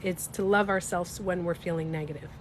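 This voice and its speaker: A woman with a slightly stuffy nose, chatting casually on a livestream. She talks in an animated, emphatic way, swears freely and speaks to her viewers. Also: lowish voice, a little fast, a little hiss or hum. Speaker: livestreamer and beauty coach.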